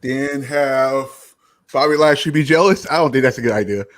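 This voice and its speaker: A man's voice: mid-range voice, normal speed. A man co-hosting a casual chat, goofy, laughing often and stammering into his questions. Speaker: co-host.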